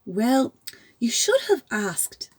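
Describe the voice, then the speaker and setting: A woman's voice: very animated, takes it slowly, slightly rough, heavily acted. A woman doing a timid, brave little girl. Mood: kind. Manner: small high voice, hesitant. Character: young girl heroine, timid but brave.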